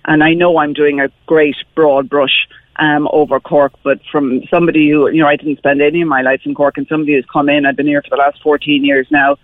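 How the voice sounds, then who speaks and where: This caller is a woman from Dublin, Ireland, whose Irish accent comes through a tinny phone connection on a radio chat show. She sounds earnest and keen, filling her speech with many fillers, and her low-pitched, fairly flat voice moves at a fairly quick pace without any room sound.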